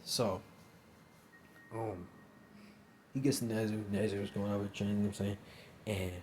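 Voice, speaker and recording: Rambling young man, mellow voice. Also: fairly low pitch, flat delivery, normal speed, a little hiss or hum. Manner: rambling, filler-heavy, says "you know what I'm saying" often. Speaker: storyteller. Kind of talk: casual improvised story narration.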